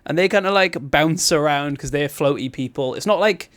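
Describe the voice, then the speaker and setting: Lively high-voiced man chatting. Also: normal speed. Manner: animated, laughs often, acts out lines. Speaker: podcast co-host. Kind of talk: casual chat.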